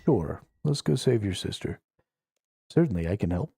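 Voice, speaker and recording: A cocky adventurer who shrugs off danger with wry confidence, as a man reads him in his own low voice. The tone is dark and mellow, and the sound is dry and close. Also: sing-song, normal speed, gravelly, slightly rough, dry recording, heavily acted. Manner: wry, self-assured. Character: cocky adult male adventurer hero.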